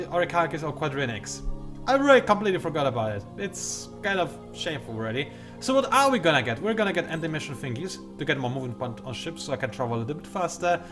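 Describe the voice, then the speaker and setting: Lively, sarcastic man narrating a game. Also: a little high. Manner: sarcastic, self-mocking, prone to sudden excited outbursts. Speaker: gaming video creator. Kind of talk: casual let's-play commentary.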